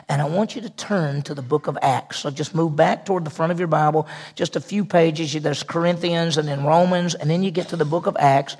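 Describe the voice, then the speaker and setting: A pastor preaching a sermon in a relaxed, conversational way, full of asides and repeated phrases. His voice is slightly high and comes out gravelly and husky.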